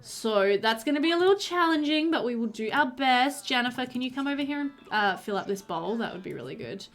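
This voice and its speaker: A woman's voice: a little high, expressive, fairly quick. Chatty, doting woman gamer. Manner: chatty and doting, coos over pets, frequent laughs. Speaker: let's play host. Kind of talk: casual gameplay commentary.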